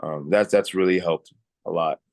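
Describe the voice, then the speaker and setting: Low-voiced man in relaxed chat. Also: normal speed, dry recording. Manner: relaxed and chatty, frequent "like" and restarts. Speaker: actor, interview guest. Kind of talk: casual interview storytelling.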